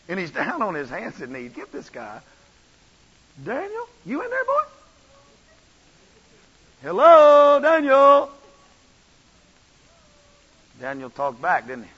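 A man's voice: high voice, bright, forceful tone, breathy edge. A man preaching a sermon as pastor, with an impassioned, repetitive cadence. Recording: dull audio with long church reverb.

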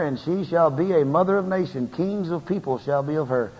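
A man preaching a sermon in a folksy, animated way, his emphasis rising and building as he goes. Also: fairly high pitch, brisk, breathy edge. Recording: lo-fi tape with long hall reverb.

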